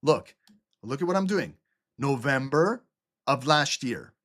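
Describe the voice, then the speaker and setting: A man from Albania teaching a live trading lesson over a screen share, animated and talkative, repeating "okay?" and "look" and swearing now and then. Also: mid-range voice, a little slow. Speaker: trading instructor.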